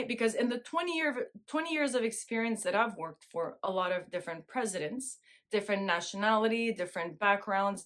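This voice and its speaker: A middle-aged woman hosting a casual monologue, chatty, often laughing and checking in with "right?". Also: medium pitch. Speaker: host.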